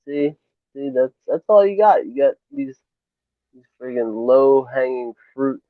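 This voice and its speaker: A man's voice: medium pitch, lively intonation, unhurried, dry recording. Man arguing back, dismissive, sounds like a thin dry phone line. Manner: defiant, dismissive. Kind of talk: heated voice chat argument. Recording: tinny phone-like voice chat.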